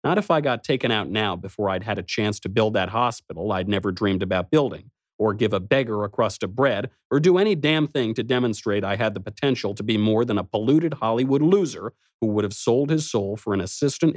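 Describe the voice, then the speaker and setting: Male audiobook narrator, sardonic first-person delivery, low register, dry close sound. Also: dry recording. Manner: wry, snarky.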